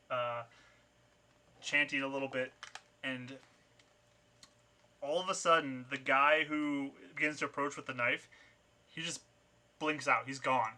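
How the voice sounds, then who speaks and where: Bright-voiced male game master. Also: mid-range voice. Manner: loose, conversational narration with fillers. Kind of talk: narrating a tabletop game.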